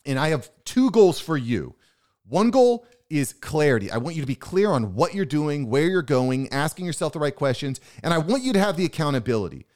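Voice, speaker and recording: A man's voice: on the high side, sing-song, brisk, darkish tone. A man hosting his own business podcast, talking solo in a pumped-up, emphatic motivational way. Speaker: podcast host.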